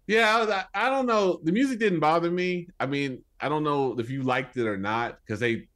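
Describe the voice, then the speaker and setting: A man's voice: fairly high pitch, normal speed, fairly bright tone. A man co-hosting a film review podcast, talking casually and earnestly in long running sentences. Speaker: podcast co-host.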